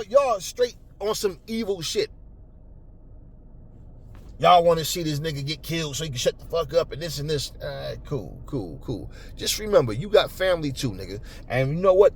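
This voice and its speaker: A man hosting a boxing talk channel, ranting angrily and profanely at commenters, stumbling over repeated words when worked up, then cooling into calmer talk. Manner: calmer and lower later on. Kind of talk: angry unscripted rant to camera.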